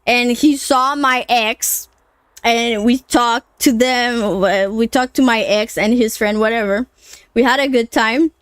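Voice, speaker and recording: A woman's voice: fairly high pitch, a little slow, fairly bright tone, clear, resonant tone, dry recording. A woman in her late twenties, a streamer telling a story to her chat, blunt and profane with lots of fillers. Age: late 20s. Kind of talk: casual storytelling to a live chat.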